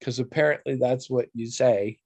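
A man hosting a casual podcast chat, his voice sitting at an ordinary middle pitch. He teases and mocks with a sardonic edge and drops the odd curse. The recording is dry, with no room sound. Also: steady tone, moderate pace, a little mellow, dry recording. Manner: sardonic, teasing, swears casually. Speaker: podcast co-host.

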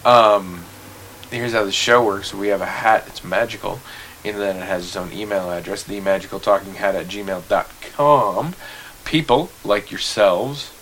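A man's voice: fairly low pitch, moderate pace, a bit bright, a little hiss or hum, low-quality recording. A man co-hosting a podcast in casual chat, rambling and jokey, often trailing off into mumbles. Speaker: podcast co-host.

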